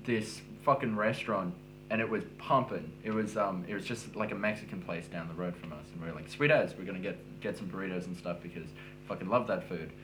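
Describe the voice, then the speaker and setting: A man's voice: low-pitched, steady tone, fairly quick, background noise. A young man chatting casually, easygoing and swearing freely. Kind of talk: casual chat.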